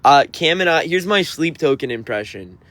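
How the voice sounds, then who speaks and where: A man's voice: fairly high pitch, animated, normal speed, a bit bright, no room sound. A man, a touring musician, reading out and answering viewer comments on a livestream in a sassy, teasing, mock-offended way. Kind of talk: livestream reading chat aloud.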